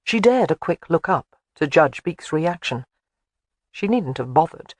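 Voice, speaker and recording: Expressive audiobook narrator. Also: mid-range voice, a little slow, dry recording. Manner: expressive storytelling.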